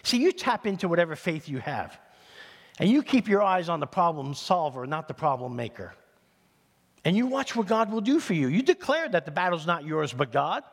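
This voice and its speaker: A man pastor from New City, preaching in an animated, conversational way with humorous asides. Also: fairly high pitch, normal speed. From New York City. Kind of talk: sermon. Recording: long hall reverb.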